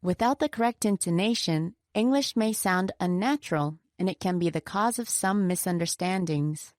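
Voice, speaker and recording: A woman co-hosting a scripted pronunciation lesson. Her voice sits lower than most women's, and she explains each point clearly. The recording is dry and close. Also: moderate pace, darkish tone, dry recording. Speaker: pronunciation teacher.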